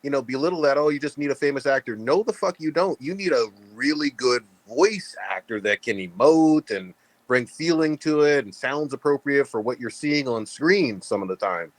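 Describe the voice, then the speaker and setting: A man's voice: medium pitch, lively intonation, normal speed, no room sound. Guy hosting a podcast, cusses constantly, mid voice, no room sound at all. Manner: blunt, profane, emphatic. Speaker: podcast host. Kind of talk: casual podcast chat.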